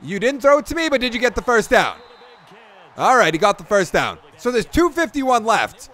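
A high-pitched young man narrating his football game run as a let's play. He gets loud and excitable on big plays, then drops into grumbling complaints. His voice sits well above the usual male range. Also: moderate pace. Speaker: gaming YouTuber.

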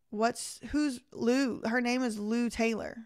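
A woman hosts a casual live stream, reading an article aloud and breaking off to comment. Her voice sits a little high, and she talks straight to her viewers, animated and exasperated. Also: smooth. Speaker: host of a live reaction stream.

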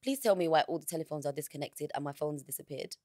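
A woman's voice: deep voice, fast, mellow, dry recording, studio quality. A woman, a podcast guest telling a personal story candidly in frank, slangy words. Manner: frank, slangy, vivid retelling.

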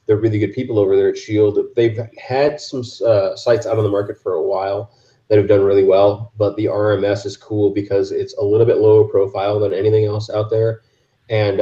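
A man's voice: fairly low pitch, dark tone, echoey room, dull audio. A man talking casually on a podcast, explaining gear with lots of fillers and restarts. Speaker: podcast host. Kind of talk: casual chat.

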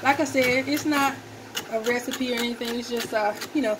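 Her voice is on the high side, with fairly even intonation and a fairly quick pace. She's a cooking vlogger chatting casually and folksily to viewers while chopping vegetables at home. Loud knife chopping and kitchen clatter fill the background.

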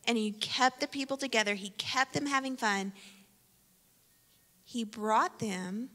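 A woman's voice: fairly high pitch, measured pace, sharp tone, big-room sound. A woman giving a playful children's sermon with an object lesson, speaking directly to kids by name in a church sanctuary.

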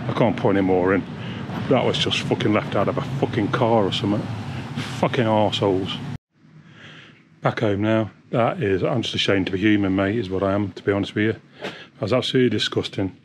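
A man's voice: fairly low pitch, fairly quick, background noise. A man, ranting angrily and swearing while vlogging on a hiking trail. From England. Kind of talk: angry outdoor vlog.

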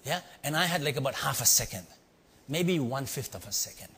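A middle-aged man with an Indian accent spins a lively story for a live audience, calling out questions and acting out sounds. His voice is a little husky and sits at an ordinary pitch. A long reverb from the large hall trails behind every line. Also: brisk. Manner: animated, playful, asks the audience questions, acts out sounds. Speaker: storytelling speaker on leadership.

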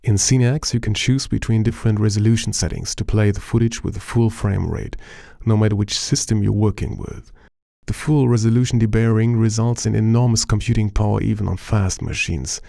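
A man with a German accent presenting a software tutorial in a steady, explanatory way, narrating over a screen recording. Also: on the low side, a little fast, vocal fry, no room sound, clean studio sound.

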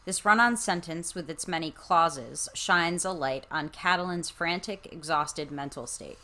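A woman's voice: fairly low pitch, a little slow, sharp tone. A woman co-hosting a casual book-discussion podcast, talking in a conversational way. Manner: conversational, with restarts and fillers like "like". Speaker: podcast co-host.

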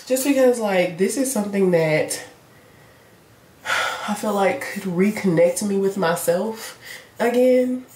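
A woman's voice: medium pitch, slow pace, pauses often, dark tone, echoey room, a little hiss or hum. A young woman, chatting casually and playfully in a self-filmed vlog, swearing freely. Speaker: vlogger.

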